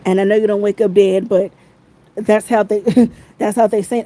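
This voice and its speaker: Woman going off on a phone live, angry and cussing, says stuff over and over, warm mellow voice. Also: medium pitch, fairly even intonation, moderate pace, low-quality recording. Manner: heated, profane, repeats phrases. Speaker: livestreamer. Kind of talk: angry livestream rant.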